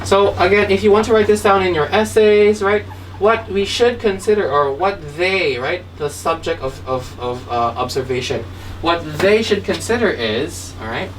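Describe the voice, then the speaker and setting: A woman's voice: fairly low pitch, moderate pace. A woman English teacher explains grammar in a lesson and ends many lines with "right?" or "okay?". She sits some way from the mic. A faint hiss runs under her voice. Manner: tags sentences with "right?" and "okay?". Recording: distant mic with faint background noise.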